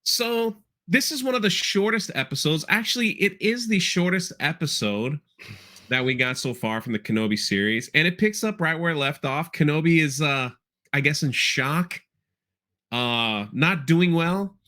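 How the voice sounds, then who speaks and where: A man's voice: a little high, lively intonation, normal speed, sharp tone. A man hosting a casual podcast, rambling through an episode recap with loose asides and playful character impressions. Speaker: podcast host. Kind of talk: casual chat.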